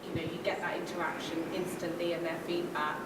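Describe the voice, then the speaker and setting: A woman in the audience answers thoughtfully and at a measured pace, with a fairly low voice. She sounds far from the mic in a strongly echoing room. Loud noise runs underneath her voice. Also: little pitch movement. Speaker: audience member. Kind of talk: casual answer in a Q&A.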